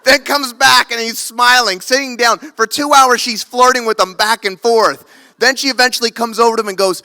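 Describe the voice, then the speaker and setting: A man in his thirties telling a funny story on a theater stage, animated and quick to land each beat. His voice sits high and very bright, with a gravelly fry at the ends of phrases.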